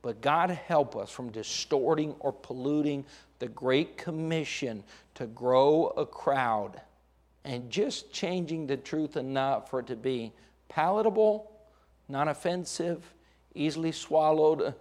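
A man's voice: on the high side, lively intonation, slow, darkish tone. Male preacher, middle-aged, sermon delivery with sudden climbs and acted-out lines. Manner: preaching with dramatic rises, acting out quoted voices. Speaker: pastor.

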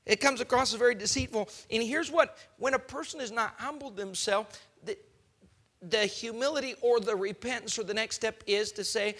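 A man's voice: high voice, moderate pace, a bit bright. A man preaching a sermon, speaking emphatically and firing off rhetorical questions at the congregation.

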